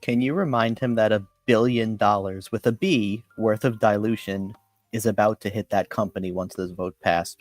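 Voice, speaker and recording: A man in a casual live chat, giving fast, confident explanations about stocks. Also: lowish voice, dry recording. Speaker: participant.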